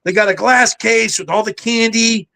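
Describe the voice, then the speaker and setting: An older man, a podcast guest, telling stories in a brisk, self-assured way. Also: high-pitched, steady tone, vocal fry, sharp tone. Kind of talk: casual podcast chat. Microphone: home setup with a backdrop.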